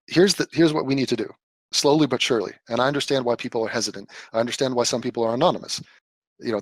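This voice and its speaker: A man's voice: mid-range voice, a bit bright, dry recording. A man hosting a live call-in stream, blunt and profane, answering callers in casual chat. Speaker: livestream host answering callers.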